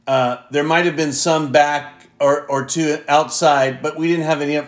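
A male pastor delivers a sermon in a fairly high voice. He moves at an unhurried pace, stretching out scripture with deliberate emphasis. Between readings he turns to the congregation with direct questions.

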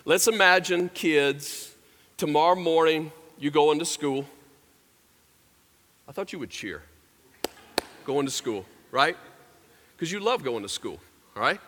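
Guy preaching a sermon, storytelling to the crowd, bright voice, big echoey room. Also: a little high, animated, measured pace, long pauses, slight background noise. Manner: storytelling, talks straight to the congregation. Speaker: pastor. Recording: echoey large hall.

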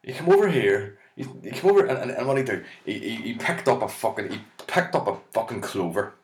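A man's voice: sits low, lively intonation, a little fast, fairly bright tone. A man with an Irish accent voicing an indignant, jealous female saint who swears and stammers with outrage. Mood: outraged. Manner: profane, ranting, stammering with outrage. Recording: echoey room.

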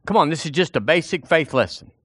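A preacher, a man whose pitch sits a little high and swings widely as he works up the congregation. He talks folksy and direct, circling back on his own words. The sound is close and dry. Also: fast, slightly rough, dry recording. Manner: animated, folksy, repeats himself, addresses the congregation directly. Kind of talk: sermon.

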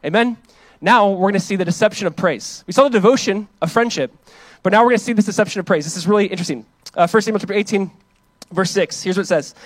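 A man in his thirties, a pastor, preaching a sermon in a casual, conversational way, full of fillers and animated when he reads or quotes. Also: high voice, fast, no room sound.

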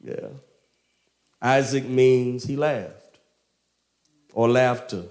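A man preaching a casual storytelling sermon, slangy and animated, laughing often. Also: medium pitch, very slow.

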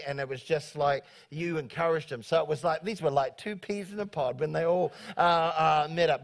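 A middle-aged man with a high voice preaches a sermon in a church sanctuary. He talks in a halting way, repeats his words, and calls out to the congregation for an amen. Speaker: pastor.

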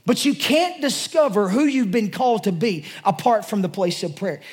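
A man's voice: high-pitched, animated, normal speed. A male pastor preaching a sermon to his congregation, passionate and emotional, talking in a loose, conversational way with many restarts. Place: church service before a congregation.

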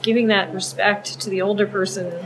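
A woman's voice: medium pitch, little pitch movement, fairly quick, over music, rough recording. A woman hosting an interview, asking questions in a friendly, conversational way. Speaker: interview host.

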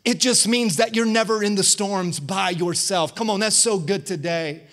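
A man's voice: high-pitched, moderate pace, fairly bright tone. A man preaching a fervent online sermon as a guest pastor, calling out to his congregation.

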